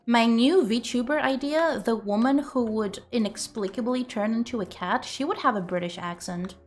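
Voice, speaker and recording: A woman's voice: on the high side, normal speed, faint music behind. A woman streamer chatting casually and playfully with her viewers, rambling and joking crudely.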